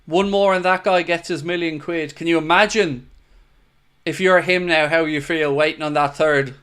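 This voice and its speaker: Excitable high-voiced man hosting a watchalong. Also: normal speed, smooth. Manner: excitable, blunt, swears freely. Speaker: host of a fan watchalong. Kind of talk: live football watchalong commentary.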